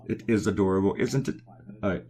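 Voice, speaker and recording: A man's voice: lowish voice, fast talker, a little mellow. A man with a Southern accent, a cartoonist chatting in a rambling, casual way while drawing and answering viewer comments at home. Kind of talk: casual live drawing chat. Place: home at night, quiet to not wake others.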